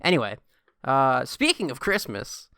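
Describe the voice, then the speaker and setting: Young male podcast co-host, bright and smooth voice, eager chatter. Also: mid-range voice, huge pitch swings, a little slow, no echo, studio quality. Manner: enthusiastic, giggly, stammering restarts. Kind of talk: casual chat.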